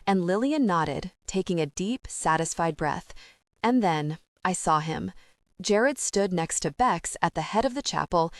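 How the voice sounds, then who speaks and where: A woman reading a first-person romance audiobook, telling the story in a gentle, even way on a close microphone. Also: on the low side, dry recording. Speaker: audiobook narrator.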